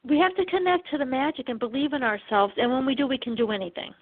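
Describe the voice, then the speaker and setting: A woman's voice: high voice, animated, fast talker, phone-quality sound. A woman co-hosting a spiritual talk show, enthusiastic and full of fillers like "you know.". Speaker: co-host and channeler.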